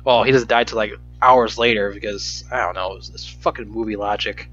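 A man's voice: fairly low pitch, steady tone, a little fast, pushed and bright. Profane, exasperated man ranting. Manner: profane, exasperated, stammering restarts. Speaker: movie reviewer. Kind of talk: ranting movie review. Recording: dull lo-fi recording with faint music.

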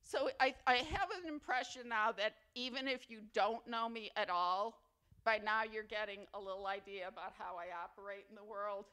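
A woman's voice: mid-range voice, fairly even intonation, moderate pace, sharp tone, smooth. A woman giving an award acceptance speech at a ceremony, chatty, playfully humorous and sentimental. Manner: affectionate, sentimental. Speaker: faculty award recipient.

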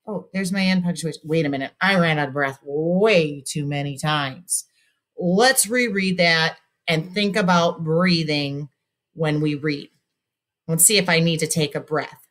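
A middle-aged woman teaching a recorded lesson to children, with a somewhat low voice. She talks patiently and clearly, and sometimes reads in a hurried, breathless way to show the problem. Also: animated, a bit bright. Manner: clear, patient modeling, reads text aloud with exaggerated breathlessness. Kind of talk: recorded mini lesson for young students.

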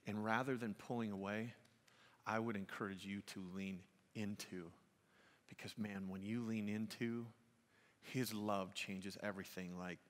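A middle-aged man preaching a sermon as pastor, telling a lively story and then speaking softly and intimately to the congregation. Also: fairly low pitch. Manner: animated storytelling that drops to a soft, intimate appeal. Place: church sanctuary. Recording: long church hall reverb.

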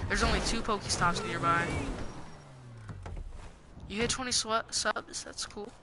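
A young man streaming a game, chatting casually and excitably, rambling and repeating himself. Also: sits high, measured pace, background noise. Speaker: gaming streamer.

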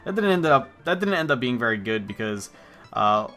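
A man's voice: mid-range voice, very animated, moderate pace, pushed and bright, soft background music. A man hosting a casual let's play, joking around, rambling and swearing freely over the game. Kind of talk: casual gameplay commentary.

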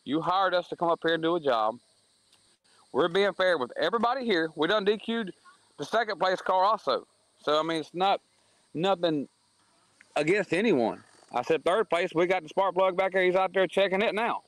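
This southern US racing series promoter has a high, fairly bright voice with lively intonation at normal speed. Chatting casually on a podcast, he tells a heated racetrack story and acts out the quoted arguments bluntly. The recording is dry and low-quality.

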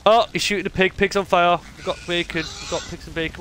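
A man giving excitable, joking live gameplay commentary, swearing a lot. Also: high-pitched, fast. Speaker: streamer.

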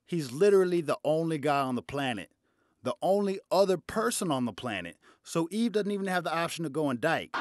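A man's voice: on the high side, background noise. A man doing a stand-up routine, sarcastic and profane. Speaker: stand-up comedian.

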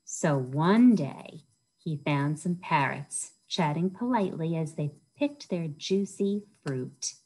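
A woman's voice: low-pitched, slow pace, slightly rough, poor audio. A woman reading a picture book aloud to children at a library storytime, often asking her listeners questions. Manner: animated, asks the listeners questions.

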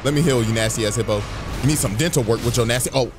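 A man's voice: mid-range voice, rapid-fire, over music. A young man commentating his own gameplay, cursing and screaming outbursts at the game as he plays. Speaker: gaming YouTuber.

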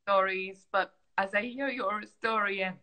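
A woman's voice: mid-range voice, moderate pace, bright, forceful tone, breathy edge, rough recording. A middle-aged woman speaking in an emotional, reflective conversation as an interview guest, heartfelt and openly moved. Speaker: founder and guest.

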